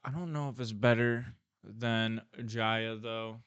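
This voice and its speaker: A man's voice: on the low side, steady tone, slow, a bit bright, clear, resonant tone, no echo, highs cut off. A young man who is a guest on a casual podcast, chatting and teasing in a laid-back way.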